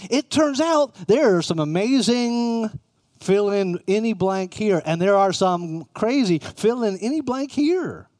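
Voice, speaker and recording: A man's voice: high-pitched, lively intonation, measured pace, a little mellow, dry recording, studio quality. A middle-aged man preaching a conversational sermon, often putting questions to his listeners. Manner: conversational, asks the room questions.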